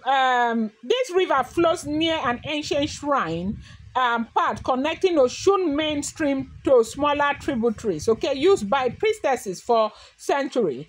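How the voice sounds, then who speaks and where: A woman hosting a gossip channel, telling a story to viewers in an unscripted way with many fillers and self-corrections. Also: high-pitched. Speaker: celebrity gossip channel host.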